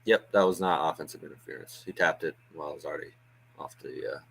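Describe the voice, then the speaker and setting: A man's voice: extremely low pitch, quick pace, fairly bright tone, husky. A man hosting a fan watch-along stream, giving casual live play-by-play with chatty asides, frequent ums and uhs.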